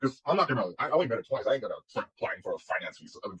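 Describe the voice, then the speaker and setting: A man's voice: mid-range voice, big pitch swings, rapid-fire, fairly bright tone, slightly rough, dull audio. A man telling a personal story in a casual, rambling way, full of restarts and quoted dialogue. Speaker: guest telling his story.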